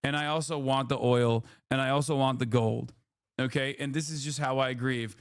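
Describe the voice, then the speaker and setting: A man's voice: medium pitch, steady tone, normal speed, clear, resonant tone, dry recording, clean studio sound, lightly acted. A man putting on a mocking voice of a blunt, greedy president who openly admits his motives. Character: mock president, blunt, greedy, brazenly self-pitying.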